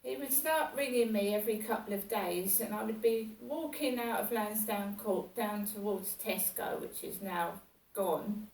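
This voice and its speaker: A woman telling a personal story in a rambling, halting way, full of fillers and restarts. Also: medium pitch, a little mellow, slight background noise. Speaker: vlogger. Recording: roomy sound from a distance.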